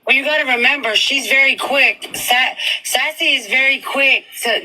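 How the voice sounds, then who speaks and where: Brief: female live chatter, crisp bright tone, teasing, repeats herself. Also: high-pitched, moderate pace, hardly any pauses, low-quality recording. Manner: rambling, teasing, calls people baby. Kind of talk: casual livestream chat.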